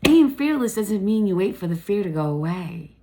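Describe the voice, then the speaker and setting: Chatty, emphatic woman reading tarot. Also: normal speed. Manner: chatty, emphatic, swears casually; laughs often, lively pitch swings. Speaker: spiritual tarot reader. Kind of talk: casual spiritual tarot reading.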